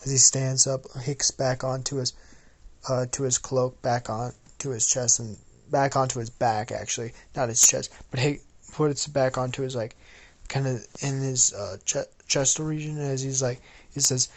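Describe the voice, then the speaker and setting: A man's voice: mid-range voice, fairly even intonation, moderate pace. A young man improvising a fan story, rambling with many restarts.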